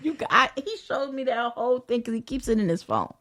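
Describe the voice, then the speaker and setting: A woman's voice: a little high, expressive, fairly quick, fairly bright tone. A woman, a podcast guest, chatting casually and bluntly, telling profane stories, quoting people in their voices and laughing often. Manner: acts out others' lines in quotes. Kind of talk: casual chat.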